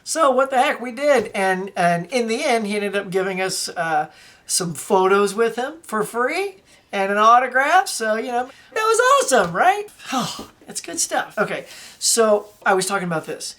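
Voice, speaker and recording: A chatty woman with a twang shows off her movie collection in a loose, animated vlog. Her voice sits in a middle pitch, and she wanders off topic before pulling herself back. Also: moderate pace. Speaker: collector vlogger. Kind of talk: casual show-and-tell vlog.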